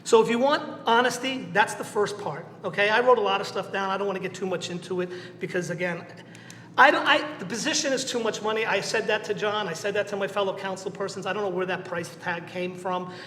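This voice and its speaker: Speaking fairly quickly in a high, pushed, bright voice, the same kind of speaker—a middle-aged Southern New England man on the city council—delivers an emotional, blunt speech at a public meeting and hammers points by repeating them. Long reverb from the big echoey chamber fills the recording, along with faint noise.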